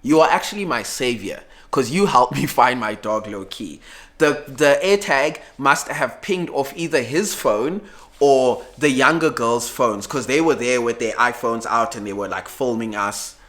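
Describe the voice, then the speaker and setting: Animated young man telling a story. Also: a little slow. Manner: animated, acts out dialogue, drops to low murmurs. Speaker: vlogger. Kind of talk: storytelling to camera.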